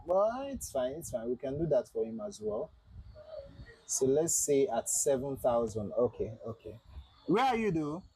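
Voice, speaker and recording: A man's voice: medium pitch, very animated, moderate pace, dark tone, husky, low-quality recording. A man livestreaming a flight simulator, chatting casually with viewers and repeating himself as he flies.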